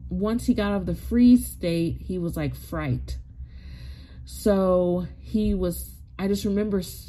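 A woman's voice: on the low side, mellow, a little hiss or hum. A woman in her forties, tearful and close to crying, telling a rambling personal story with many likes and you knows. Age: 40s. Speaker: spiritual wellness vlogger.

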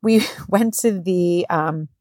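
A woman in her thirties hosting a podcast, telling a story in a casual, animated way with swearing and acted-out quotes. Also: on the low side, slow pace, dry recording, clean studio sound. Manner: animated, swearing, acts out quotes in raised voices. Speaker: podcast host.

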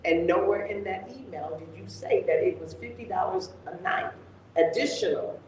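A woman tells stories in lively casual chat, voicing every side of an argument. She sounds distant from the mic, in a very echoey room with a long reverb tail and faint background noise. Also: fairly low pitch, moderate pace. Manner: animated, retells arguments with quoted dialogue. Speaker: co-host.

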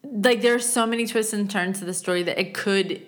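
A woman's voice: mid-range voice, fairly quick, soft background music. A woman co-hosting a podcast in casual chat, playful and often laughing. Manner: giggly, playful, jokey. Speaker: podcast co-host.

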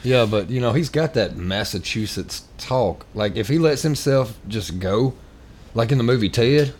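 Chatting casually as a podcast co-host, this man rambles, using many fillers and often restarting. He has a mid-range, slightly mellow voice with lively intonation and a moderate pace, plus a little hiss or hum on the recording.

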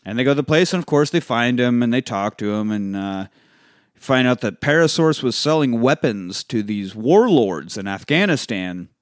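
A man in casual podcast chat, recapping a film with lots of energy and cursing as he goes. He acts out the characters' lines in quick bursts. His voice sits in a middle range and sounds close and dry, with no room around it. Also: mid-range voice, no echo. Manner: animated, acts out characters' lines while retelling, swears a lot. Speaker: podcast co-host.

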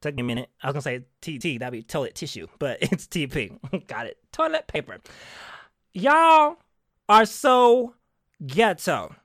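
Sassy man host, bright voice that swings all over, dry close sound. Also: on the high side, sing-song, no room sound. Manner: sassy, theatrical, calls listeners honey; drawn-out, emphatic repetition. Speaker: podcast host. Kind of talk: casual chat.

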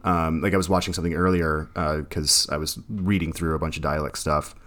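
Man, very low voice, casual rambling podcast co-host. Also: fairly even intonation, fairly quick, a bit bright. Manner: rambling, many fillers and restarts. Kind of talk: casual film discussion.

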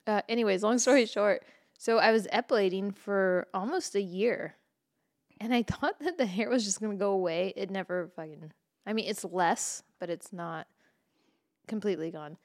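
A woman's voice: medium pitch, normal speed, dry recording, studio quality. A woman co-hosting a podcast in casual chat, telling stories through laughter and plenty of swearing. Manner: laughing storyteller, swears freely. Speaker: podcast co-host.

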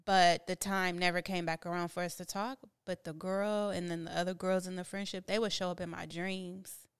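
A woman co-hosting a podcast, telling a reflective personal story in a calm, matter-of-fact way. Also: lowish voice, moderate pace, clean tone, no room sound. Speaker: podcast co-host.

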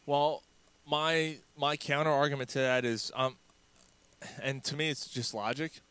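A man's voice: mid-range voice, fairly even intonation, measured pace, fairly bright tone, clean tone, no room sound. A man co-hosting a casual sports podcast, telling stories with lots of swearing and acted-out quotes. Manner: storytelling, profane, acts out quotes. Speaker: podcast co-host.

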